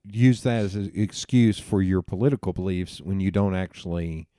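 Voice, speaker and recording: A man's voice: sits low, fairly even intonation, normal speed, warm tone, no room sound, studio quality. A man as a podcast guest, chatting casually with wry, sarcastic asides.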